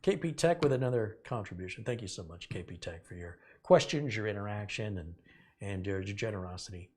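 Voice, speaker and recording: A man's voice: lowish voice, animated, brisk, darkish tone, breathy edge. A middle-aged man hosting a casual live stream, sarcastic and rambling, reading out viewer donations.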